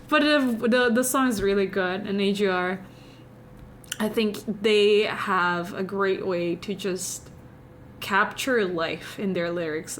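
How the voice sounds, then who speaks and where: A woman's voice: mid-range voice, slow, a little hiss or hum. Confiding young Indonesian woman streamer. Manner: meandering, confiding, chatty with viewers. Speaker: livestreamer. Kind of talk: casual live-stream chat.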